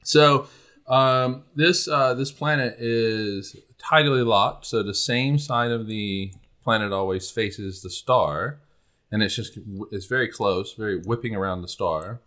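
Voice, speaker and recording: A man's voice: on the low side, measured pace, bright, forceful tone. A man hosting a casual astronomy podcast, rambling with many fillers. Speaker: podcast host.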